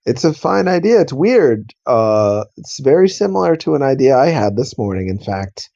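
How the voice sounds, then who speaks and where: A man of middling pitch makes dry, deadpan asides during comedy podcast banter. His delivery stays even and understated. The sound is dull and lo-fi. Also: normal speed, creaky. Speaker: podcast co-host.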